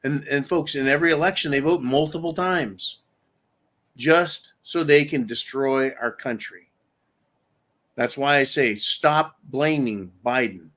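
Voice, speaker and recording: A man's voice: medium pitch, measured pace, a bit bright. A man hosting a show, ranting angrily with profanity and reading out viewer comments. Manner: angry, profane, reads viewer comments aloud. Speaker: host.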